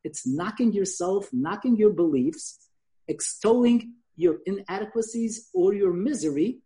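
An older woman giving a lecture, telling an anecdote in an animated, conversational way. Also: mid-range voice, measured pace.

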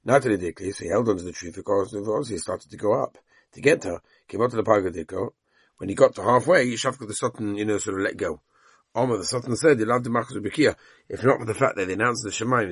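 A man's voice: lowish voice, fast talker, husky, no room sound, studio quality. A man teaching a Talmud lesson, reading the Aramaic text aloud and retelling it in English with voiced quotes of the characters.

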